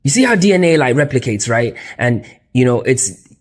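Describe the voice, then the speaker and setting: A man's voice: medium pitch, big pitch swings, normal speed. A man giving a loose, casual spiritual lecture with slang, emphasis, and frequent fillers. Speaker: teacher.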